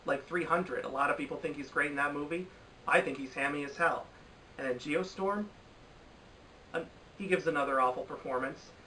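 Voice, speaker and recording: Young male film commentator, bright sharp tone, voice set slightly back from the mic, faint room hiss, emphatic and sarcastic. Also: a little high, normal speed, distant mic, poor audio. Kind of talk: opinionated commentary. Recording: voice a bit off-mic with faint ambience.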